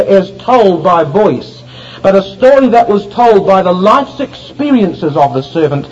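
A man's voice: high-pitched, darkish tone. A man preaching a sermon, expounding scripture and asking the congregation rhetorical questions. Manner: expository Bible teaching, rhetorical questions to the congregation. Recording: dull lo-fi recording with faint ambient noise.

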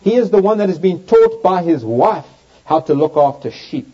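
A man preaches through a Bible passage, reading the old verses aloud with strong, rising emphasis. His voice sits fairly high and sounds mellow and warm. The recording is dull and lo-fi. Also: expressive, moderate pace. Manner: reads scripture aloud with emphatic, swooping delivery. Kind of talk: Bible teaching sermon. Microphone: overhead projector in use, lecture setting.

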